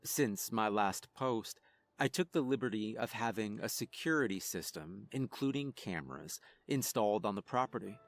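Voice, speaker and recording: A man narrating a first-person horror story in a measured, ominous, scripted delivery. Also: lowish voice, animated.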